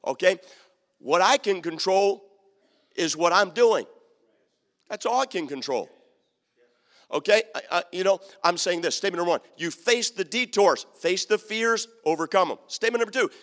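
Male pastor, high voice, emphatic repeating sermon delivery; church sanctuary with a long hall tail. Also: fairly bright tone. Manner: emphatic, repeats key lines, acts out quotes.

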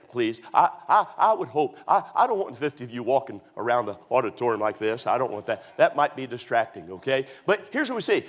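A man preaching a sermon as a pastor, telling stories with sudden high whoops and shouts. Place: church auditorium.

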